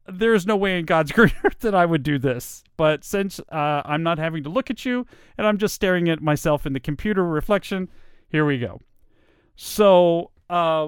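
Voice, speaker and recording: A man's voice: a little high, clean tone, dry recording, clean studio sound. A man with a Southern American accent talking to his computer in a casual, self-deprecating monologue. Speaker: vlogger. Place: at home in front of a computer.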